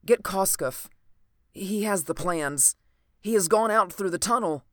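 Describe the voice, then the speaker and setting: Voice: mid-range voice, a little slow, a bit bright, dry recording, studio quality, pitched above the performer's own voice, natural voice. A reader voicing a dying wounded man. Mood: urgent. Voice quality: faint, gasping. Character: wounded middle-aged man, dying, urgent.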